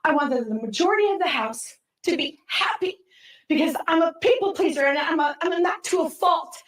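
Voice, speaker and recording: Captured off-mic in a roomy space, a middle-aged woman competing on a reality show delivers a heated, rambling apology to her housemates. Her voice is extremely high and fairly quick.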